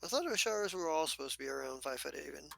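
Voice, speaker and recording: A man runs a tabletop game, his narration halting and full of restarts. His voice sits a little high and bright, and the sound is dry and close. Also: lively intonation, gravelly, no echo, rough recording. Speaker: game master.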